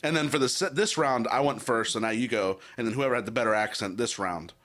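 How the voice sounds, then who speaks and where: A man competing in a casual accent quiz game with friends, talking in an excitable way and laughing a lot. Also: mid-range voice, fast. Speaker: game contestant.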